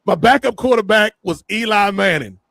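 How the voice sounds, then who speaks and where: A man hosting a podcast, telling a long comic story in an animated, joking way and calling his co-hosts by name. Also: high-pitched, moderate pace, creaky, a crowd in the background. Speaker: podcast host. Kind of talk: casual comedic storytelling.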